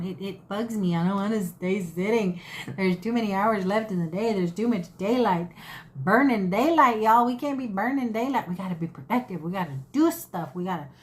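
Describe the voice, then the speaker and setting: A woman's voice: mid-range voice, mellow, a little hiss or hum. A woman, chatting casually and rambling in a folksy way as she shows off her thrift finds. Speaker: thrift haul vlogger. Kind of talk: casual chat to camera.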